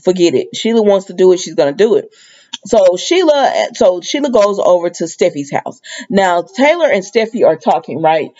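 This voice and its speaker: A woman's voice: lowish voice, sing-song, normal speed, warm tone, lo-fi sound. Chatty woman recapping a soap episode. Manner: chatty, opinionated, retells scenes with quoted lines. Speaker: soap opera recap host.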